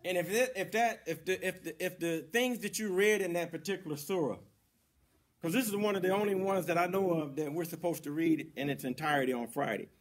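In a mosque, a man serving as imam gives the Friday sermon at a slightly fast pace, with emphatic repetition and a pattern of rising for emphasis and sinking low afterward.

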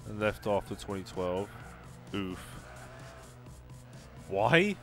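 A man casually commentating on a racing game he is playing, chatty and sarcastic, reacting out loud to the race. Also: fairly low pitch, lively intonation, slow pace, faint music behind. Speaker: gaming YouTuber.

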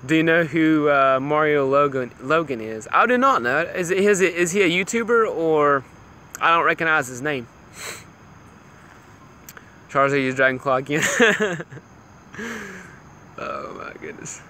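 A young man casually chatting with viewers on a livestream while playing a phone game, excitable and laughing often. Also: fairly high pitch, moderate pace, slight background noise. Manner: excitable, laughs a lot, greets chat viewers. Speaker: livestream gamer.

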